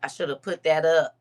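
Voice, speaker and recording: A woman chats to her live-stream viewers in a slightly low, expressive voice. She calls them girl and honey, and she has been crying. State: puffy-eyed from crying. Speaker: livestream host. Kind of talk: casual chat to a live audience.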